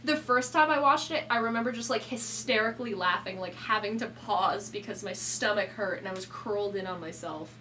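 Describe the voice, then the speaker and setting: A woman's voice: mid-range voice, a little fast, few pauses, pushed and bright, a little hiss or hum. A young woman streamer in casual live chat who swears a lot, laughs often and scolds her cat between remarks. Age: young adult.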